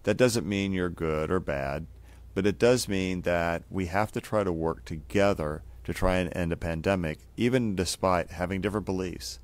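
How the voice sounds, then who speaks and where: A man's voice: low voice, moderate pace. A man who is a doctor and co-host, speaking earnestly and sincerely to viewers.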